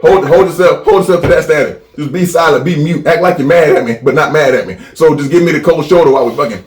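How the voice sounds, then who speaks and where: A man's voice: fairly high pitch, fast talker. A man co-hosting a crude comedy podcast, ranting animatedly with lots of profanity and repeated phrases. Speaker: podcast co-host. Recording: echoey room.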